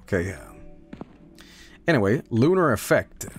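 A male streamer chatting casually at a home desk mic, his pitch bouncing all over as he talks. He reads game blurbs in a quick rattle and now and then jumps into goofy high squeals. A faint bit of music hums underneath. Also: big pitch swings. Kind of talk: casual live-stream commentary.

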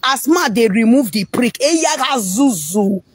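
A woman's voice: on the high side, animated, a little slow, breathy edge, no room sound. A woman with a Nigerian accent talking frankly in a casual monologue, rambling and repeating words mid-sentence.

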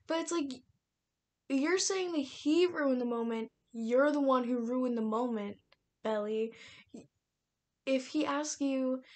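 A woman's voice: fairly high pitch, steady tone, a little slow. A young woman giving a casual, exasperated book review rant, laughing often and mocking the characters in quotes.

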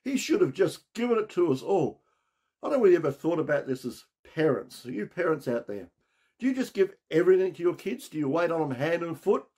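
A man preaching a sermon as pastor, asking rhetorical questions and dropping to a low voice for emphasis. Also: sing-song, brisk, a little mellow, breathy edge.

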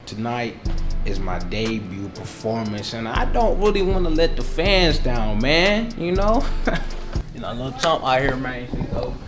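A man's voice: mid-range voice, lively intonation, a little slow, loud music behind the voice, lightly acted. A man playing a boastful wannabe rapper. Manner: boastful, chanting his own name. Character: cocky wannabe young male rapper. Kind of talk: comedy mockumentary acting.

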